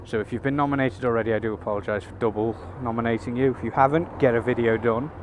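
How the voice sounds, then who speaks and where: A man's voice: mid-range voice, steady tone, fast. A man riding a motorbike in town, chatting casually into a helmet camera mic, swearing freely and making wry asides. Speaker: motorcycle vlogger. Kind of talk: casual chat while riding. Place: on a motorbike in city traffic. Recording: road and engine noise.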